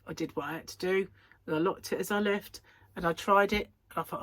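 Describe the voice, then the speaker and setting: A woman's voice: lowish voice, fairly even intonation, brisk, fairly bright tone, no echo. A woman talking in a rambling, chatty way, laughing often and acting out the things she and others said. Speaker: host of a crochet chat channel. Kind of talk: casual chat.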